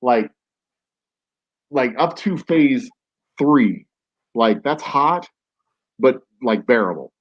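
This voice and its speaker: Mid-pitched man, podcast host, rambling casual storytelling, dull lo-fi sound. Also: lively intonation, slow pace, pauses often. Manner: rambling, with many "like"s and restarts.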